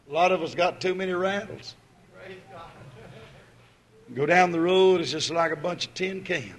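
A man preaching a sermon, folksy and swinging between loud exhortation and quiet asides. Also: fairly high pitch, measured pace, pauses often.

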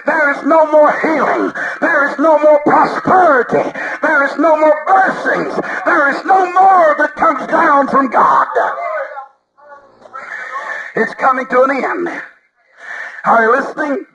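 A man preaching a fervent revival sermon, shouting and calling out to the congregation for amens at a church service. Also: very high-pitched, lively intonation, slow pace, highs cut off. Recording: live service with congregation audible.

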